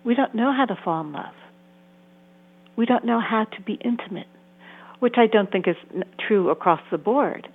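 A woman therapist and author gives earnest interview answers, sometimes acting out the voices she quotes. Her voice is fairly high with a breathy edge, at a moderate pace with frequent pauses. The audio sounds tinny, like a phone.

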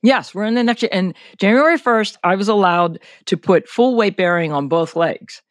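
High-voiced older man, candid storyteller. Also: normal speed, dry recording, clean studio sound. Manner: detailed and candid, many fillers like "you know" and "like". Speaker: guest, senior athlete recounting an injury. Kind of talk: conversational interview.

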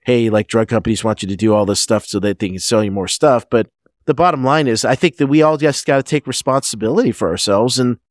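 A man who is a guest physician, answering interview questions in a halting way, often restarting his sentences. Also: medium pitch, dry recording, clean studio sound. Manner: halting, frequent restarts and fillers. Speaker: guest physician, medical director.

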